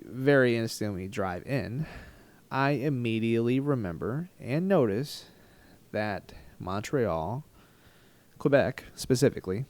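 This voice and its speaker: A man telling a travel story in a rambling, animated, self-mocking storytime vlog style. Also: mid-range voice, no room sound. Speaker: travel vlogger.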